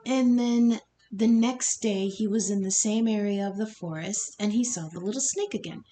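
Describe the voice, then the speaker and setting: A woman's voice: mid-range voice, normal speed, warm tone, rough recording. A middle-aged woman giving a casual tarot reading and telling a folk tale, rambling with fillers and restarts. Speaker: tarot reader.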